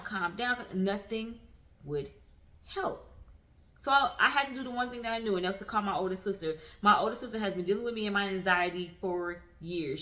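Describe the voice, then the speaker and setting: A woman in her thirties shares her own experience in a candid vlog. Her voice is bright and ringing, and she speaks earnestly. She leans on repetition to make each point land. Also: mid-range voice. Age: 30s. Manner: earnest and emphatic, repeats phrases for weight. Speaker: vlogger. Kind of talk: candid personal talk to camera.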